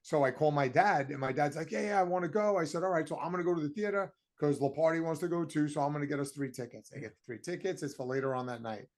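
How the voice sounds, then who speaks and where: A podcast co-host tells a story with rising exasperation and casual swearing. His voice sits higher than most men's. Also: fast talker, few pauses. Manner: animated, profane, exasperated storytelling.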